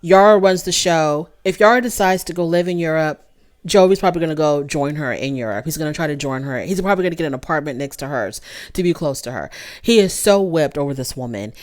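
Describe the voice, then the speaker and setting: Female host, low-pitched, chatty gossip recap to camera. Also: quick pace. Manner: animated, gossipy, talks straight to viewers. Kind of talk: casual chat review.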